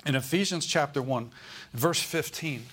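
A man's voice: a little high, moderate pace, fairly bright tone, husky. A man preaching a sermon to his congregation, emphatic and repeating key phrases, asking the room if they follow. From United States. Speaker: pastor. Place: church sanctuary with congregation.

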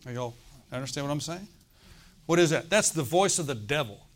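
A middle-aged man preaching a sermon, telling a personal story with loud bursts and acted-out laughter. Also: fairly high pitch, lively intonation, a little fast.

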